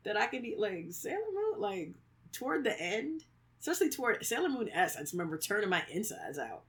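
A podcaster in their thirties chats casually with a co-host. They act out the quotes as they go and fill the talk with "like"s and laughter. The pitch sits in the middle. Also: brisk. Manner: animated storyteller, acts out quotes, many "like"s; laughs often. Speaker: podcast co-host, creator of fictional worlds. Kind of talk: casual chat.

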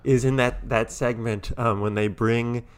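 Man, film podcast co-host, eager, meandering delivery, mid-pitch, casual. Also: steady tone, measured pace. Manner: enthusiastic, rambling, trails off softly.

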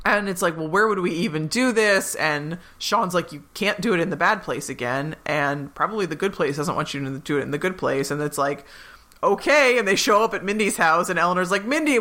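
A woman co-hosting a podcast, recapping an episode in casual chat and quoting the characters in quick put-on voices. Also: fairly low pitch, sharp tone. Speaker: podcast co-host.

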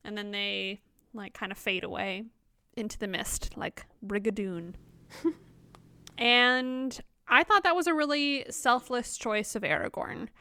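Smooth-voiced woman chatting about a book. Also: mid-range voice, measured pace, no echo. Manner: animated, reads quotes aloud and mimics characters. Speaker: podcast co-host. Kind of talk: casual book discussion.

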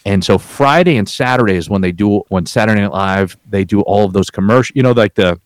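A man's voice: on the low side, fairly quick, no room sound. A man telling a rambling, profanity-laced work story in casual chat, with frequent restarts.

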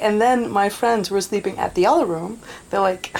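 A woman's voice: medium pitch, normal speed, darkish tone, poor audio. A woman from Europe, a guest telling stories in casual chat, laughing often and rambling with fillers. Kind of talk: casual storytelling.

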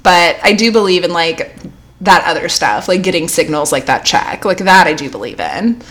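A woman's voice: fairly low pitch, expressive, normal speed, a bit bright. A young woman co-hosting a podcast, rambling through personal stories in casual chat with lots of "like" and frequent laughs. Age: young adult. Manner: rambling, heavy use of "like", laughs often. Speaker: podcast co-host.

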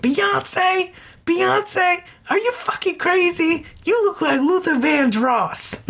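A man's voice: extremely high pitch, slow, creaky, a bit bright, pitched above the performer's own voice, heavily acted. A man shrieking as a frantic outraged fan. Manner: screeching, over-the-top.

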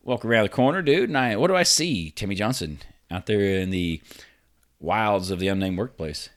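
A man co-hosting a casual podcast, telling an animated work story with frequent laughs and swearing. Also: lowish voice, normal speed.

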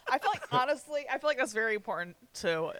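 A woman's voice: high-pitched, lively intonation, fast talker, background noise. A woman hosting a casual podcast, teasing her guest and giggling between fillers. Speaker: podcast host.

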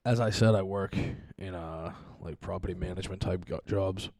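A man's voice: low voice, steady tone, normal speed, vocal fry, darkish tone, no room sound. A young man hosting a podcast, chatting casually and rambling through a funny story, laughing often and swearing a lot into a close microphone. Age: young adult. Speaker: podcast host. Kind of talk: casual chat. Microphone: close podcast mic.

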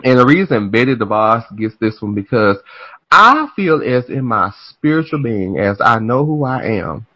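Animated man chatting in a dry room. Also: mid-range voice, moderate pace, no echo, rough recording. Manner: animated, swings between loud exclamations and muttering. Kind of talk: casual comedic chat.

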